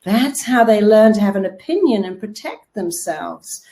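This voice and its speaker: A woman, a therapist giving a lively motivational talk and acting out quotes as she tells stories. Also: medium pitch, moderate pace. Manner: lively storytelling with acted-out quotes. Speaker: therapist and self-help speaker.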